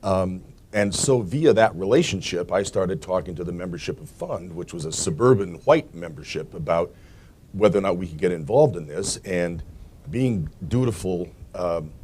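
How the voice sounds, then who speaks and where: A man's voice: low voice, lively intonation, moderate pace, a little mellow, a little hiss or hum. A man on a forum panel recalling his early work, wry and self-correcting.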